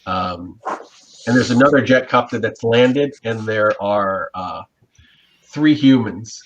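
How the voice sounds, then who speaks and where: A man's voice: on the low side, takes it slowly. A man running a tabletop game as game master, narrating hesitantly with many fillers. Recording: muffled, faint hiss.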